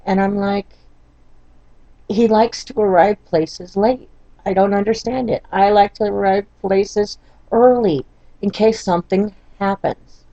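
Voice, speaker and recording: An older woman telling a painful personal story in a vlog, halting and frustrated, often near tears, with many fillers and restarts. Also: mid-range voice, a little mellow, no room sound, low-quality recording. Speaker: vlogger.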